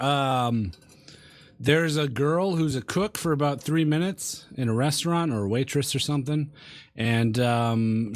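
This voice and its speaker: A man's voice: mid-range voice, no room sound. A man co-hosting a movie review podcast, talking in an easygoing, wry way. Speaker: podcast co-host. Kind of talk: casual movie review chat.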